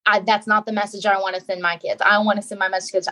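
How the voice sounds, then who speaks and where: A woman's voice: mid-range voice, little pitch movement, fast talker, few pauses, pushed and bright. A middle-aged woman, a guest author in a casual interview, talking earnestly and repeating phrases for emphasis.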